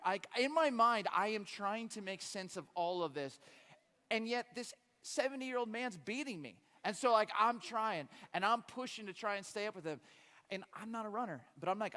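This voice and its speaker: A man with a high voice tells a long comic story from the pulpit, animated and full of stammered restarts. His voice rings through a church with a long reverb tail. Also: normal speed. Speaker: guest preacher. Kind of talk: sermon with a humorous story. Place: church sanctuary.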